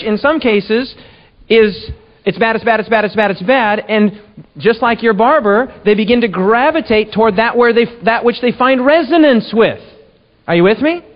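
A man with a notably high voice earnestly explains ideas on a church discussion show, often checking that listeners follow. His voice carries a long, roomy reverb. The sound is dull and lo-fi. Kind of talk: explanatory teaching talk.

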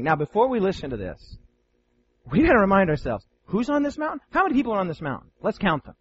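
A man preaching a sermon to Bible students, animated and playful, with many rhetorical questions. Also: high-pitched, quick pace, dull audio, slight background noise.

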